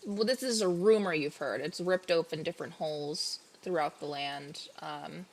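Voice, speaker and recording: Woman game master, casual rambling narration, lowish voice, faint hiss. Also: moderate pace. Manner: casual, chatty, filler-heavy narration.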